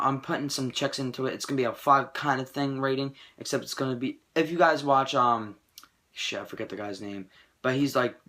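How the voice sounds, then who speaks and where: Rambling, profane young male movie vlogger. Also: mid-range voice. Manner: rambling, profane, excitable rants. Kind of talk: casual movie review.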